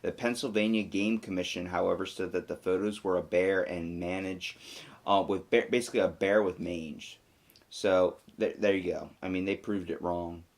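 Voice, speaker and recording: Low male podcast co-host, casual, reads facts then jokes around. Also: steady tone, moderate pace. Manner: reads facts aloud then riffs jokingly, with fillers.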